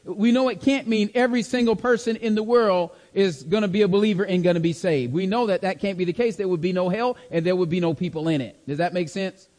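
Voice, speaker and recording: Speaking quickly with hardly any pauses, this preacher teaches a Bible lesson sermon-style, and a long reverb tail trails his high-pitched, a little mellow voice. He emphasizes and repeats key words, asking his class to follow along.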